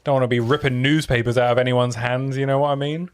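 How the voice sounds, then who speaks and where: A man's voice: mid-range voice, fairly even intonation, quick pace. A man chatting casually while streaming a video game, joking around and trailing off with fillers. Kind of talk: casual gameplay chat.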